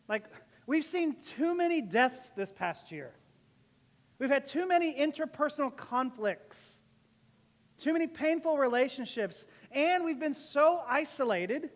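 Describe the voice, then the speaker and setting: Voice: high-pitched, expressive, a little slow, big-room sound. A pastor giving a casual, joking sermon to a church, often laughing between points. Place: church service.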